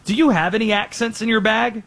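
A man hosting a sports talk show, running through quick energetic opinions and reading an ad spot. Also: gravelly. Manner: quick energetic delivery with lively pitch swings.

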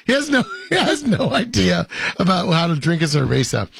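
A man's voice: high-pitched, wildly swooping pitch, fairly quick, gravelly, a bit bright. A man hosting a casual talk show, reading viewer comments and talking playfully with many hesitations. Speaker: host.

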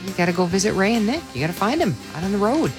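A woman's voice: medium pitch, very animated, racing, music in the background. A woman with a Chicago accent hosting a radio show, chatting casually and reading out listener texts in a studio. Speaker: radio host. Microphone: studio mic.

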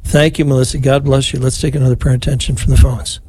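Older priest leading rosary. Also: male voice, medium pitch, flat delivery, fast, husky. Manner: warm, folksy, joking with callers. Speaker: priest and radio rosary host. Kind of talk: leading prayer and taking calls.

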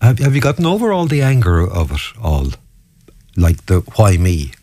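A man hosting an interview, asking questions in a halting, gentle way. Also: low-pitched, wildly swooping pitch. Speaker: interview host.

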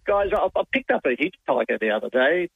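Deadpan Australian man on a call-in. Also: on the high side, brisk, gravelly, husky, no echo, phone-quality sound. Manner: deadpan joke delivery. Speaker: caller telling jokes. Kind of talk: radio call-in chat.

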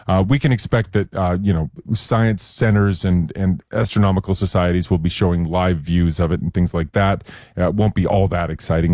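A man's voice: low-pitched, mellow, dry recording, clean studio sound. A man speaking as the science expert on a radio talk show, explaining things in a casual, chatty way with small jokes.

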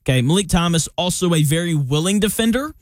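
Slightly high-voiced male sports talk host. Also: lively intonation, fast talker, dry recording. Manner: opinionated, conversational, with jokey asides. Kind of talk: casual sports talk commentary.

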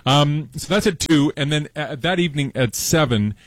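A man's voice: on the high side, normal speed, no echo. A man talking as a science guest on a radio show, chatty and rambling with fillers. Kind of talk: casual radio interview.

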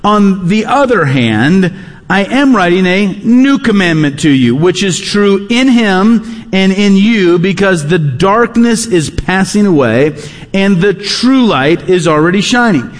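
A man preaching a sermon as a pastor, emphatic and repeating key phrases, often dropping low at the ends of phrases. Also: animated, unhurried. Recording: long reverb of a large hall.

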